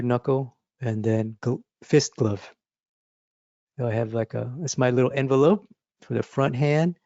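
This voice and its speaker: A man's voice: mid-range voice, mellow, no echo, lo-fi sound. A man in his forties teaching a drawing lesson, talking through examples with enthusiastic, repetitive emphasis and little sound effects. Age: 40s. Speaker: art instructor. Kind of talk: drawing lesson with live demonstration.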